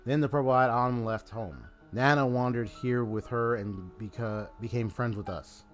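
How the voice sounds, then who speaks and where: A man's voice: mid-range voice, moderate pace, soft background music, close to an everyday voice. A man reading aloud the lines of a cheerful little girl who hosts a party, in his plain voice and stumbling now and then. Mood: chatty.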